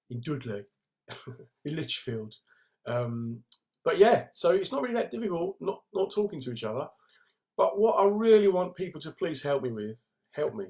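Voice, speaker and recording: A man's voice: fairly high pitch, darkish tone. A man hosting a casual live stream from home, joking with viewers and greeting commenters by name.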